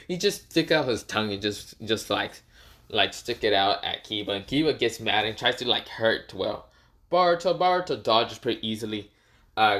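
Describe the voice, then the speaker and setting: A man's voice: medium pitch, a bit bright. A man telling an improvised fan story in a casual, profane way, laughing at his own jokes.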